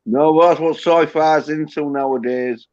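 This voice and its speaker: Slow-talking, blunt man. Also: fairly high pitch, fairly even intonation, a little mellow, highs cut off. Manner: blunt and heavily profane. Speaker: livestream host. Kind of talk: casual livestream chat.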